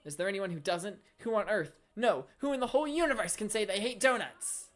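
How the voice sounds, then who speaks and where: A woman's voice: medium pitch, lively intonation, fairly quick, pitched above the performer's own voice, close to an everyday voice. A woman reading out the lines of a bubbly, donut-obsessed athletic teen girl in a video game, with gushing energy. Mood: excited. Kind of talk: reading game dialogue aloud.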